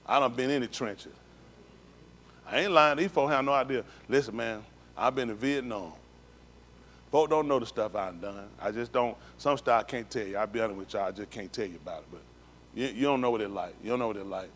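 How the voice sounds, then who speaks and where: During a synagogue livestream, a man gives an emphatic personal testimony to the congregation, repeating himself and speaking plainly in street slang. His mid-range voice is fairly quick and fairly bright, with slight background noise behind it.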